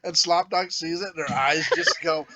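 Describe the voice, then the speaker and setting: A man's voice: a little high, fairly even intonation, normal speed, background noise. A man co-hosting a podcast who riffs playfully and jokes through the banter. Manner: playful riffing, joking. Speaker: podcast co-host. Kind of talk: joking banter.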